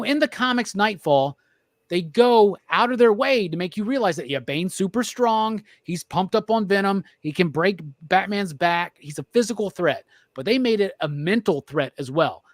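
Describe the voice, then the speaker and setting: A man hosting a podcast, talking excitedly and profanely in a rambling film review. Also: high voice, normal speed, dry recording, studio quality. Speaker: podcast host. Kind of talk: casual film review chat.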